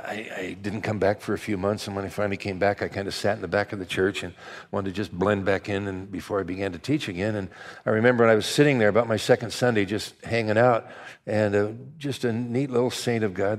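An older male pastor delivering a sermon like a conversation, full of anecdotes. He stumbles and restarts often, then breaks into lively asides. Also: lowish voice. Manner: conversational storytelling, many restarts, animated asides.

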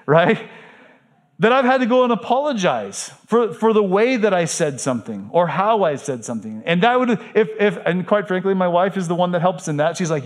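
A middle-aged man preaching a sermon as pastor, earnest and candid, often asking rhetorical questions. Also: high-pitched.

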